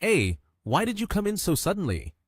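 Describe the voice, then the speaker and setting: A man voicing an excitable, cheerful young man. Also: sits high, moderate pace, breathy edge, no room sound, clean studio sound, voice pushed up, full character voice. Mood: excited.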